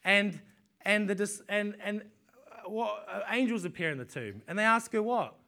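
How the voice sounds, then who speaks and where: A man's voice: high voice, normal speed, creaky, sharp tone. A man preaching a sermon in a conversational way, often repeating words as he restarts and asking the congregation rhetorical questions.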